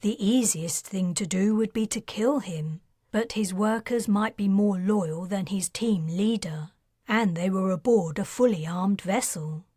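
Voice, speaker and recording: Slow, breathy female audiobook narrator. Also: mid-range voice, dry recording, studio quality. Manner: calm, steady storytelling. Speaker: author and narrator.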